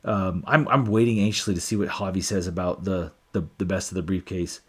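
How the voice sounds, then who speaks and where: A man's voice: deep voice, steady tone, fairly quick, fairly bright tone, breathy edge. A man hosting a casual live stream about whiskey, chatting with viewers and reading their comments aloud with frequent restarts. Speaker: whiskey channel host.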